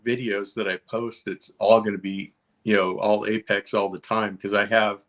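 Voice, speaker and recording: A man with a fairly low voice chats as a guest in a casual conversation. He sounds easygoing and agreeable, filling gaps with "uh" and "you know" as he goes. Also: flat delivery, moderate pace, a bit bright. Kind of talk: casual chat.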